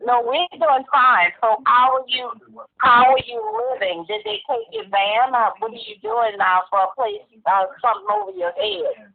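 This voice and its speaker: A woman's voice: high voice, very animated, moderate pace, vocal fry, a crowd in the background. A woman with a Southern US accent, a mother on a phone call, lecturing her grown child bluntly and sternly. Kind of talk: phone conversation. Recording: tinny phone line.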